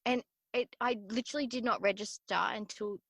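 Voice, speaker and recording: Young woman, podcast guest, casual storyteller with lots of fillers; bright tone, dry close sound. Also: fairly high pitch, fairly even intonation, fairly quick, dry recording. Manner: chatty, filler-heavy storytelling. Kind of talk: casual chat.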